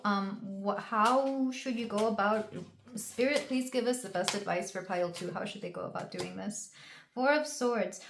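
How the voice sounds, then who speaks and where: A woman's voice: mid-range voice, a little hiss or hum. Young woman doing a tarot reading, rambly and emotional, lots of ums, kinda echoey room. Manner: emotional, rambling, with many fillers and restarts. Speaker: tarot reader. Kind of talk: casual tarot reading to camera. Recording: roomy echo.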